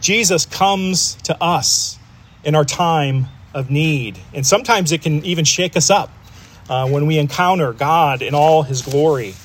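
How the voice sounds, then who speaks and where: Man, pastor, husky slightly raised voice, conversational sermon, lots of ums and restarts. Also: fairly high pitch, a little slow. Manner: conversational preaching with frequent fillers and restarts.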